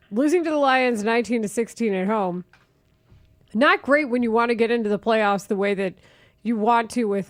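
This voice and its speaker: A woman hosting a sports talk radio show, brisk and opinionated, quick to laugh. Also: a little high, dry recording, clean studio sound.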